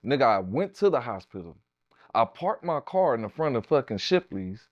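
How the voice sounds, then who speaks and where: Man, middle-aged, slangy and animated, dry, dull lo-fi sound. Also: medium pitch, moderate pace, no room sound. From Houston, Texas. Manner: profane, animated, street slang. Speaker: guest, tattoo artist. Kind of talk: casual storytelling interview.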